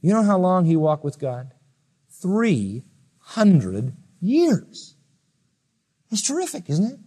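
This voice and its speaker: A male preacher giving a sermon, telling Bible stories in an animated way and acting out the voices of the people in them. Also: high-pitched, quick pace. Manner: animated storytelling, acts out voices. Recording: long reverb of a large hall.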